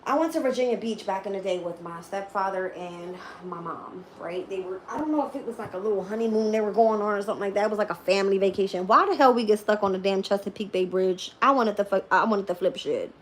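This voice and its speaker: A woman chatting casually on a live stream as a tarot reader, laughing often and swearing freely as she tells animated stories. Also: mid-range voice, fast, hardly any pauses, slight background noise.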